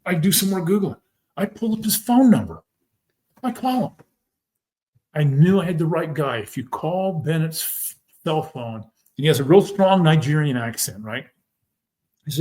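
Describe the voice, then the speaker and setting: A man telling his own story as a podcast guest, emphatic and animated, acting out what others said. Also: fairly high pitch, moderate pace, pauses often. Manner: animated, retells scenes by quoting people; emphatic, fervent. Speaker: podcast guest, former football player. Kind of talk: personal storytelling in a conversation.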